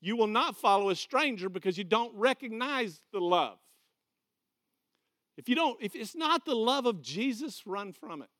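A pastor with a Southern American accent preaches a folksy, conversational sermon in a church hall, repeating key phrases and directing volunteers through a live demonstration. His voice sits high and is a bit bright.

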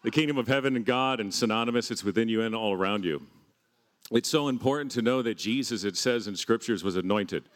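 A man's voice: lowish voice, brisk. A man preaching a sermon in a jovial teaching tone, often laughing as he goes.

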